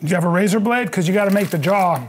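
A middle-aged man trading jokes in casual banter, bragging in a deadpan, mock-boastful way. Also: high-pitched, very fast. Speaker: comedian co-host.

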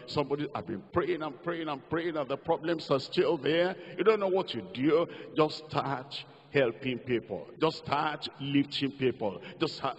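Slow-preaching older Nigerian pastor. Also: male voice, on the high side. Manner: preaching with call-and-response prompts. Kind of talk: sermon. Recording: lo-fi hall recording.

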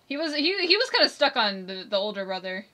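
A woman's voice: fairly high pitch, sing-song, fairly quick, sharp tone. A woman giving chatty, giggly let's-play commentary, talking back to the game characters. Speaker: gameplay commentator.

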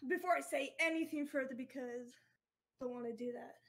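Casting: woman, high voice, hesitant filler-heavy podcast chat. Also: fairly quick, fairly bright tone.

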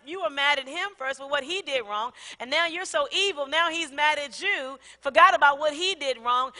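Woman pastor, bright high voice, lively sermon in a big reverberant church. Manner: laughing often, call-and-response with congregation. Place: large church sanctuary. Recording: long hall reverb.

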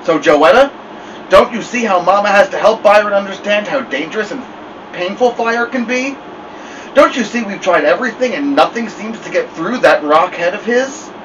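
A man's voice: sits high, animated, normal speed, fairly bright tone, far from the mic, muffled recording, slight background noise, pitched above the performer's own voice. A man voicing a stern mother who talks sweetly while threatening her son, in a storybook reading. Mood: menacing sweet. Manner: sweet-talking with menace. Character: stern fierce mother, coaxing then threatening.

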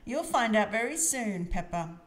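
A woman reading aloud, voicing a kind female gazelle teacher who speaks slowly and gently. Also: a little high, sing-song. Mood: kindly.

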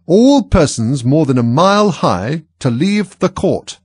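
A man's voice: a little high, big pitch swings, measured pace, darkish tone, husky, no echo, clean studio sound, voice pushed up, heavily acted. A man voicing a fussy, anxious old king, pompous and grave.

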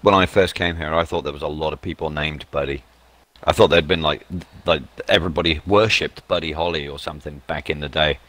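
A man's voice: very deep voice, fairly even intonation, fairly quick, a bit bright. A man, co-hosting a gameplay stream with dry, joking banter. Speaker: game co-host. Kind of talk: casual live-stream chat over gameplay.

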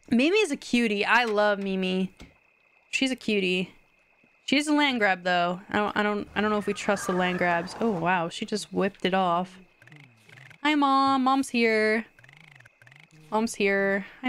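A woman's voice: medium pitch, a little hiss or hum. Giggly young woman streaming a game. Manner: chatty and giggly, reacting aloud to the game; excited squeals at wins. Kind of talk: live game commentary.

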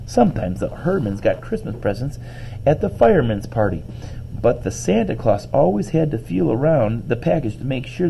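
A man's voice: mid-range voice, vocal fry, mellow, slight background noise, poor audio. A male teacher reading a book aloud to students, breaking in with chatty asides.

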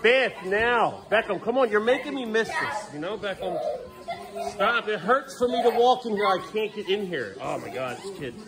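A man's voice: high-pitched, very animated, moderate pace, over loud music. A man filming a casual family vlog at home, coaxing and joking with his children as he hurries them through bath time. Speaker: father filming his kids.

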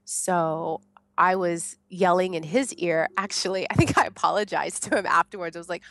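This podcast guest from the United States has a voice on the low side and a moderate pace, with no echo. She tells her story in an easygoing, lively style, laughing often and imitating her own shouts from that time.

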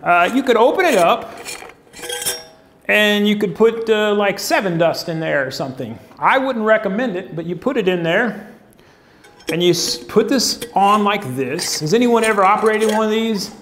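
A man's voice: high-pitched, expressive, moderate pace, a bit bright, slight background noise. A man preaching a conversational sermon, acting out quoted voices as he goes.

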